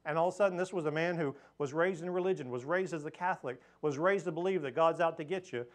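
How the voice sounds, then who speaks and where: A man with a fairly high voice teaches a church lesson in a relaxed, conversational way. He tells stories plainly and leans into his points of faith with earnest emphasis. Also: fast. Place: church hall with pulpit.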